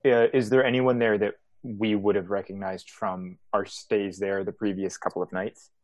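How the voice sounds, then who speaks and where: Man, tabletop player, lowish voice, tentative, casual, dry sound. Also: little pitch movement, normal speed, darkish tone, no echo. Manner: tentative, asking questions. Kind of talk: casual tabletop game talk.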